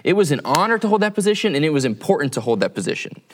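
A man's voice: a little high, sing-song, rapid-fire, slight background noise. A man preaching as a campus pastor in a conversational sermon, often checking in with tag questions.

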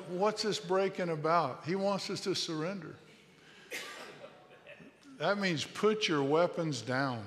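A man in his late fifties preaches with an earnest, insistent delivery, circling back to the same phrases again and again and sometimes restarting mid-word. His voice sits a little high for a man. It carries a long tail of reverb from a church sanctuary. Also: fairly bright tone. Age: 50s. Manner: earnest, repetitive exhortation with restarts. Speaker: pastor. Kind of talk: sermon.

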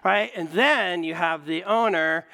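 A man preaching a sermon as pastor, animated and conversational, often checking in with "right?". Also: sits high, unhurried, gravelly, big-room sound.

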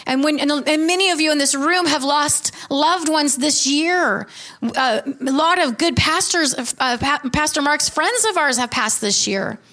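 Woman preacher, high voice, heartfelt and emphatic sermon to a congregation. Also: measured pace, bright, forceful tone. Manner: emotional, emphatic preaching with restarts. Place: church hall before a congregation.

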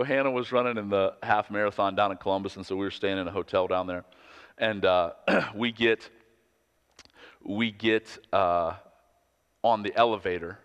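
A man in his thirties, a pastor delivering an earnest, conversational sermon full of personal stories. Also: fairly low pitch. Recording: long hall reverb.

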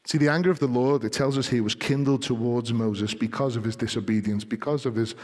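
A man's voice: mid-range voice, fairly even intonation, fairly quick, darkish tone, big-room sound. A man preaching a sermon to his congregation, telling stories and building to emphatic appeals. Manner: storytelling, rising to emphatic exhortation. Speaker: pastor. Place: church.

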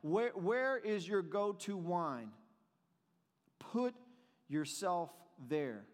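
Man, pastor, sermon, expressive preaching, high voice, long hall echo. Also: extremely slow. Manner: expressive preaching, swings between soft and emphatic.

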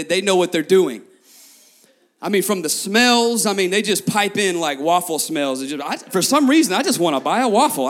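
A man in his thirties, a pastor preaching a sermon to his congregation, telling stories lively, repeating phrases and talking straight to the crowd. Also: high voice. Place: church before a congregation.

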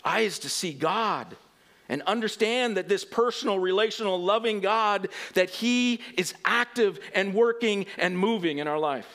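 A male pastor preaching a sermon, animated, swinging from quiet asides to shouted emphasis and laughing at himself. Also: high voice, measured pace.

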